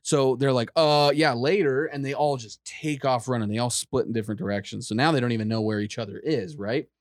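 A man's voice: mid-range voice, fairly quick, no echo, studio quality. A young man casually telling stories on a podcast, rambling and laughing often. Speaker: podcast host. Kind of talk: casual chat, storytelling.

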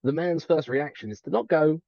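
A young man co-hosting a casual podcast chat, telling stories animatedly and jumping into high-pitched impressions of characters. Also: brisk, creaky, no echo, highs cut off. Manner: animated storyteller, mimics characters with sudden high pitch jumps. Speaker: podcast co-host.

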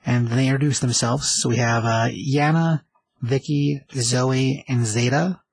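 A man's voice: medium pitch, steady tone, measured pace, husky, rough recording. A man casually retelling a TV episode, rambling with lots of fillers. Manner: rambling, filler-heavy, conversational. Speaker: show recapper.

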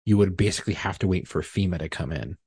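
A man on a podcast, telling a profane, animated story in casual chat. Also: deep voice, fast, husky, no room sound, studio quality. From California. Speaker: podcast co-host.

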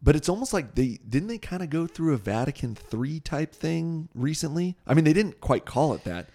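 A young man hosting a casual chat, with a lively pitch that rises and falls a lot. He asks curious questions and laughs easily. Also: moderate pace. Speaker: podcast host.

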